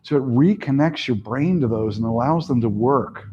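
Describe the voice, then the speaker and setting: A man teaching a yoga class, giving slow, soothing relaxation and breathing cues that often trail off softly. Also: mid-range voice, lively intonation, muffled recording, a little hiss or hum. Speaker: yoga instructor. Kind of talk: guided relaxation instruction.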